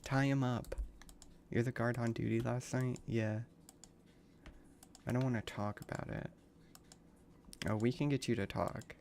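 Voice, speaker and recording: A man's voice: medium pitch, fairly even intonation, unhurried, creaky, long pauses, darkish tone, a little hiss or hum. A man streaming a game, reading the dialogue aloud and reacting with crude slang and frequent swearing. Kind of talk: casual gaming livestream commentary.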